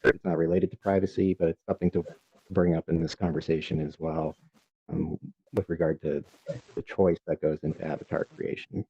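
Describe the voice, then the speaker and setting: A man on a panel discussing education privacy law, careful and measured, with frequent ums. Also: deep voice, little pitch movement, dark tone, slightly rough, no echo, dull audio.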